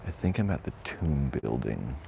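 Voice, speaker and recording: A man's voice: a bass voice, big pitch swings, normal speed, vocal fry, mellow, slight background noise. A man streaming a nervous night walk through a cemetery, rambling and half-whispering into a shirt mic. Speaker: vlogger. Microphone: shirt lapel mic.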